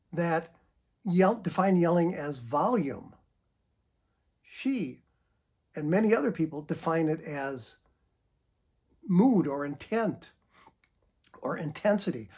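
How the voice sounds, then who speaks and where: A middle-aged man, a psychotherapist, giving a measured educational talk, often clearing his throat. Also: on the high side, a little mellow.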